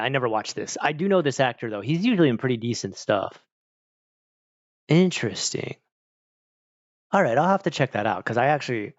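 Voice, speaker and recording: Man, casual streamer, rambling chat; gravelly, dry, slightly muffled sound. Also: lowish voice, no room sound. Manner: rambling, laid-back, talks to chat. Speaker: streamer chatting with viewers. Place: home, evening stream.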